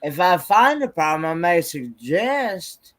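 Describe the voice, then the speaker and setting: Male mechanic, slow and halting, a bit high, stops to think mid-answer. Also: very animated, a bit bright. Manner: hesitant, halting, with many fillers. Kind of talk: casual chat.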